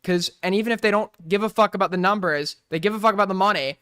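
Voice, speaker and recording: Bright, high-voiced ranting streamer man. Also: quick pace, clean tone, no echo, studio quality. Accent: New York. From Long Island, New York. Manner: ranting, profane, sarcastic. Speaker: streamer reacting to drama. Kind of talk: casual livestream commentary.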